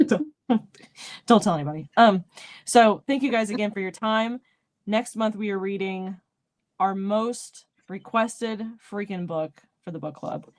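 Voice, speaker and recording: A woman's voice: medium pitch, measured pace. A woman with a light North Carolina accent hosting a book club chat, laughing often and talking animatedly. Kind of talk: casual video call chat.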